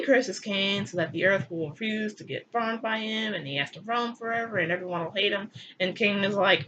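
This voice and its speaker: A woman's voice: mid-range voice, moderate pace, few pauses, a bit bright, muffled recording, slight background noise. A woman reading aloud her own irreverent, crude comic retelling in a sarcastic way. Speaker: channel host. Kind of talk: comedic read-aloud retelling.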